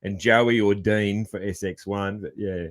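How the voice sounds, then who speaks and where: A man's voice: on the low side, fairly even intonation, measured pace. An Australian man hosting a casual podcast interview, rambling with many fillers and restarts and laughing easily. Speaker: podcast host.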